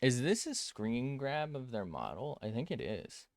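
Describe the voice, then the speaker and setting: A man's voice: medium pitch, very animated, a little slow, no echo, clean studio sound. A man chatting casually as an art streamer while drawing on a tablet, rambling, cutting himself off mid-sentence and swearing freely.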